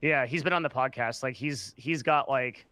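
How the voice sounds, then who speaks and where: A man's voice: mid-range voice, normal speed, pushed and bright, no echo. A man from the San Diego area telling a story in casual chat, swearing often and filling gaps with "like" and "um". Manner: swearing storyteller, many fillers. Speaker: podcast guest.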